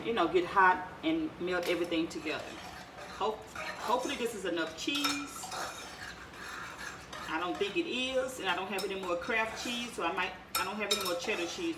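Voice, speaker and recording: A woman talks through a recipe in her home kitchen, rambling and restarting her sentences in a casual vlog. Her voice sits a little low. Pans, dishes and cutlery clink clearly behind her. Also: very noisy. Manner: chatty, rambling, stutters and restarts. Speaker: home cook vlogger. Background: clinking pots, pans and cutlery.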